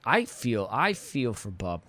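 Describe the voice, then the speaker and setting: A man's voice: medium pitch, big pitch swings, slow pace, fairly bright tone, no echo. A young man in casual chat, laid back, adding film trivia and short agreements.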